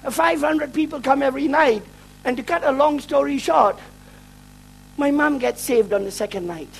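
A man's voice: extremely high pitch, normal speed, creaky, low-quality recording. A middle-aged man from Malaysia, a traveling preacher telling a testimony in his sermon. He jokes and mocks himself. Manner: joking, self-mocking storyteller who laughs at his own lines.

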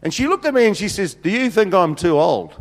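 A middle-aged senior pastor's voice sits high and shows vocal fry as he talks a little fast, with expressive delivery. He tells funny stories in his sermon with many fillers, and the church hall adds long reverb.

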